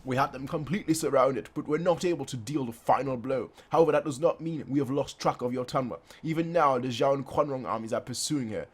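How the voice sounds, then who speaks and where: A man's voice: medium pitch, fast talker, hardly any pauses, husky, natural voice. A man reading the lines of a wounded male general who formally apologizes for a lost battle. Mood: solemn.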